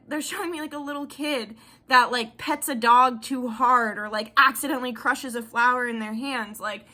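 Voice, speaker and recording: A woman's voice: high voice, sharp tone. A woman giving a casual tarot reading, rambling and chatty with lots of filler words and casual swearing. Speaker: tarot reader.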